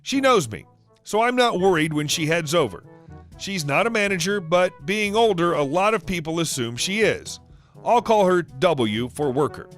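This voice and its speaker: A man reading stories aloud in a brisk storytelling manner. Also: sits high, sing-song, fairly bright tone. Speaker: story narrator. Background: faint music.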